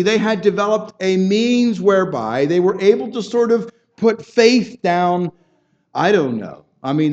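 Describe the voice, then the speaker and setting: A man preaching in an earnest, searching way, his voice sitting a little high for a man. He repeats and restarts phrases and builds toward rhetorical questions. The recording is dull and lo-fi. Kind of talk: sermon.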